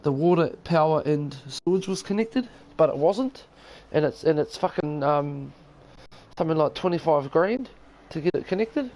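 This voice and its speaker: A man's voice: on the high side, animated, moderate pace, a little mellow, poor audio. A man with a New Zealand accent chatting casually as a game streamer from his lounge, rambling and profane. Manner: rambling, profane and laid-back. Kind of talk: casual chat. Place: lounge at home.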